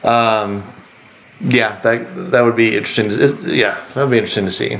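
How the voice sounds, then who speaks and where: A man's voice: mid-range voice, normal speed, vocal fry. A man co-hosting a podcast in casual chat, rambling and acting out quotes. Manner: rambling, animated, acts out quotes. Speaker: podcast co-host.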